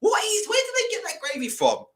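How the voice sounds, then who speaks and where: A man hosting a live stream, with a high, bright voice that swings up and down as he reacts. He swears freely and breaks into laughter often. He speaks into a desk mic at his computer. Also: wildly swooping pitch, brisk.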